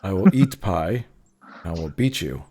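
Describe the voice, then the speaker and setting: A man's voice: sits low, sing-song, measured pace, mellow, slightly rough, exaggerated voice. A man voicing a stern male Warforged construct who speaks in clipped, broken phrases. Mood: threatening.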